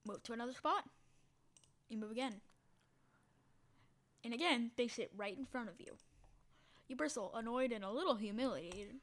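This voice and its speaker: A woman's voice: on the high side, moderate pace, pauses often. A woman reading a text game's story aloud with dramatic delivery, breaking off for short spoken asides and sometimes dropping into a whisper. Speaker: game streamer.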